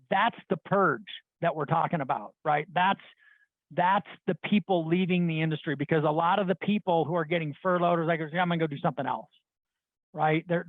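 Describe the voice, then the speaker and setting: A middle-aged man with a high voice gives a blunt motivational talk to his sales team, rambling and restarting as he goes. The sound is dry and thin, like a phone line. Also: vocal fry, no room sound. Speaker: sales leader addressing his loan officers.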